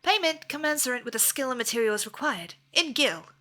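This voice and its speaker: A woman's voice: sits high, very animated, fairly quick, pushed and bright, full character voice. A woman voicing a stiffly polite guild clerk from a video game, with formal, precise diction. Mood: prim, formal. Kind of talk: reading game dialogue aloud.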